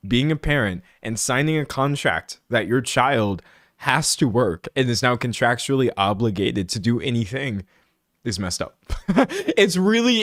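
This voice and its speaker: A young man hosts a live stream, chatting and ranting in an animated, rambling way full of asides and frequent laughter. His medium-pitched voice is recorded dry, in studio quality, inside a room where a siren sometimes sounds outside.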